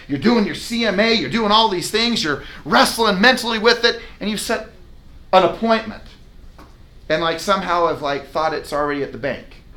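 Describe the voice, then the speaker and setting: A man leading a live sales training for real estate agents, talking emphatically and acting out client conversations. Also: high-pitched. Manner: energetic, emphatic, acts out client dialogues. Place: training room with a whiteboard.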